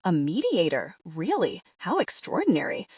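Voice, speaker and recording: A woman voicing a gentle, formal, old-fashioned elderly priest in an audiobook. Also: fairly low pitch, huge pitch swings, moderate pace, slightly rough, no echo, heavily acted. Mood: concerned.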